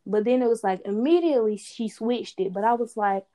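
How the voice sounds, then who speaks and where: A young woman co-hosting a podcast, chatting casually and animated, often laughing. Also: on the high side, a little fast. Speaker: podcast co-host. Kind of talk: casual chat.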